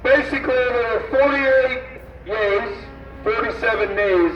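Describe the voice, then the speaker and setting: A man speaking at a rally, slowly reading out a roll call and stumbling over names, in an outdoor speech. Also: very high voice, a little hiss or hum. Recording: distant, echoey, dull lo-fi sound with faint ambience.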